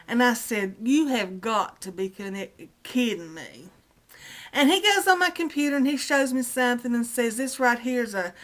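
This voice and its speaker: A woman's voice: a little high, sharp tone. Indignant woman ranting about tech support. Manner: indignant, retelling dialogue with many "I said". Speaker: vlogger. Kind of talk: angry personal rant.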